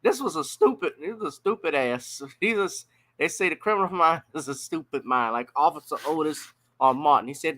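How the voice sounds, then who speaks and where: A man's voice: on the high side, lively intonation, a bit bright, slight background noise. A man from Louisiana, giving blunt, profane casual commentary on a news story. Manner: blunt, profane, drawn-out emphasis.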